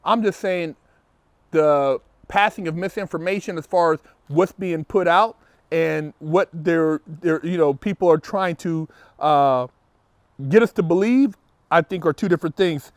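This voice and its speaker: Unhurried and a little high-voiced, a male show host works through viewer comments in a casual monologue, emphatic and opinionated, repeating words when fired up. The recording is dry.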